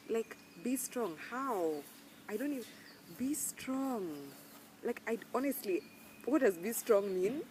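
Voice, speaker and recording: A young woman talking earnestly to camera, emphatic and animated when she quotes people. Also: sits low, background noise. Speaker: vlogger. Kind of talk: casual personal talk to camera.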